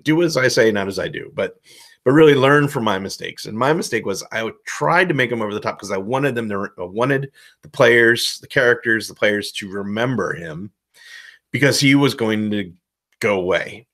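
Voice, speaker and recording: A man giving casual advice as a game master, loose and self-deprecating, rambling with a relaxed tone. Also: fairly low pitch, normal speed. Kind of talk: casual instructional talk.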